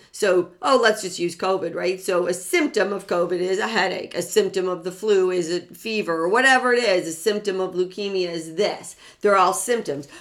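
A woman's voice: medium pitch, fairly bright tone. A woman speaker in a self-help talk, earnest and direct. She circles back on key words and keeps asking her listeners questions before answering them herself. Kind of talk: motivational talk to an audience.

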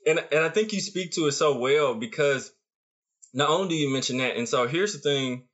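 A man hosting a casual chat, calmly explaining a concept and repeating phrases for emphasis. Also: on the high side, a little fast. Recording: dull lo-fi audio.

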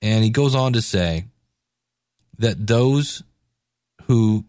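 Chill guy hosting a faith podcast, lowish voice, dry close sound, talks loose and slangy. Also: expressive, slow pace, darkish tone, dry recording. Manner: laid-back and conversational, with slangy asides. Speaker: podcast host. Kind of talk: casual devotional talk.

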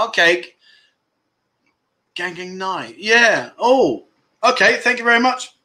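A man chats on a casual livestream and reads out viewer comments. He jokes and teases as he goes, in a high, bright voice that rings clearly. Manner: jokey, teasing viewers, laughs often. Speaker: livestream host.

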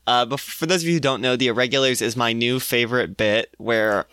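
A man's voice: medium pitch, a little fast, pushed and bright, clean tone, no room sound. A young man co-hosting a podcast in casual chat, rambling with many fillers and frequent laughs. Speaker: podcast co-host.

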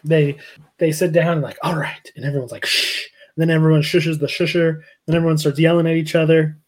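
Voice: medium pitch, steady tone, brisk. Chatty podcast co-host retelling scenes. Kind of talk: casual chat recapping a TV episode.

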